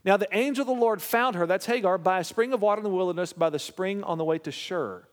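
This male pastor talks fast in a high-pitched voice, reading scripture aloud and then discussing it. He regularly checks in with his listeners, and a long hall echo fills the recording.

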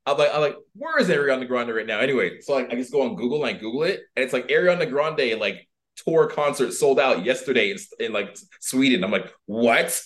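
A man's voice: mid-range voice, fairly quick. A man, a dating coach on a podcast, telling a story casually with lots of fillers and acted-out voices. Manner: animated, filler-heavy, acts out voices. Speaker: dating and personal development coach, guest.

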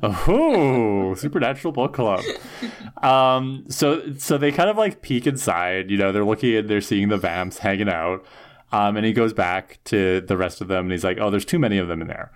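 A man's voice: fairly low pitch, animated, normal speed. A man co-hosting a podcast, recapping an episode in casual chat with wry, rambling asides. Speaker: podcast co-host.

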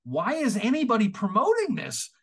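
A man from Canada co-hosting a podcast, talking in an animated, exasperated way with plenty of swearing. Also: extremely high pitch, normal speed, creaky, husky. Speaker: podcast co-host. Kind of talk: casual podcast chat.

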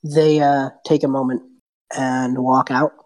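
A woman game master narrating a tabletop game in a relaxed, descriptive way. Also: a bass voice, measured pace, rough recording. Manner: relaxed, descriptive, some restarts.

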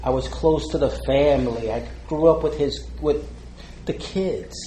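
A man's voice: medium pitch, a little slow, mellow. Older man, interview, heartfelt rambling stories, lots of fillers, roomy echo, faint background hum. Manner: heartfelt, rambling, laughs often, with many fillers. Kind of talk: casual storytelling.

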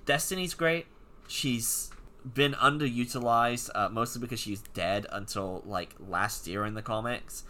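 A man co-hosting a casual comic-book podcast, animated and jokey, with lots of "like" fillers. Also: medium pitch, measured pace. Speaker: podcast co-host.

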